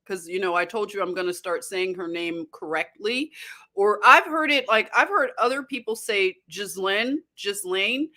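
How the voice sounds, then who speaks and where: Bright, chatty woman livestream host. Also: mid-range voice. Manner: chatty and excitable, often laughing. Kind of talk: casual livestream chat reading viewer comments.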